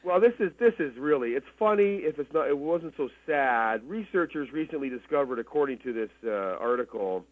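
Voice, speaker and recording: A man from Canada, co-hosting a radio talk show in a casual but deliberate way, slowing down to stress his points. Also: on the high side, lively intonation, dry recording. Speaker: radio co-host. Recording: tinny phone line.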